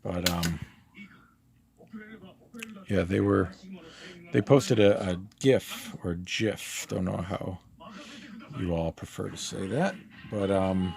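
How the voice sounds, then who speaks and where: Low, gravelly-voiced man chatting while he draws. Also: takes it slowly, pauses often. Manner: relaxed, rambling, many fillers. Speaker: artist streaming a live drawing session. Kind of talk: casual chat while drawing.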